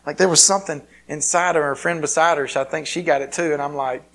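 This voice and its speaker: A man preaching a conversational sermon with lots of fillers and restarts. He swings between loud emphatic peaks and quiet, hushed asides. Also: on the high side, steady tone, fast, rough recording. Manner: casual, filler-heavy delivery with many restarts. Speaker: pastor.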